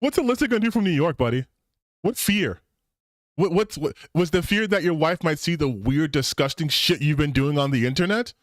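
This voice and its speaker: A man's voice: a little high, lively intonation, fairly quick, no room sound. Sweary guy ranting over a clip, voice all over the place, super dry close sound. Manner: heated, profane, sarcastic. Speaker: gaming channel host. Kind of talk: reaction commentary.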